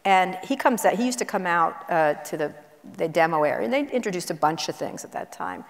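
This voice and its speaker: A woman journalist telling blunt, brisk anecdotes with many asides, on stage in a university auditorium. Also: fairly low pitch, expressive. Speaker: guest journalist. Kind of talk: onstage conversation, storytelling. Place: university auditorium before an audience. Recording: echoey auditorium hall.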